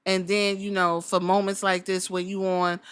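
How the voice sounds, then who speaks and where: A woman's voice: medium pitch, little pitch movement, moderate pace, fairly bright tone, smooth. A woman hosting a casual podcast, talking bluntly with plenty of swearing and jokes. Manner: blunt, profane, joking. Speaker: podcast host. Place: Columbus.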